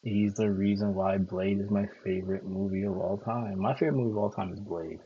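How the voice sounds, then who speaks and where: A man's voice: lowish voice, fairly even intonation, fairly quick, dull audio, slight background noise. A man from Connecticut talking casually and at length, loose and profane, repeating himself and filling gaps with "like" and "um". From Connecticut, USA. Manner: loose, profane, repetitive storytelling with many fillers. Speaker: streamer host. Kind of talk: casual rambling monologue.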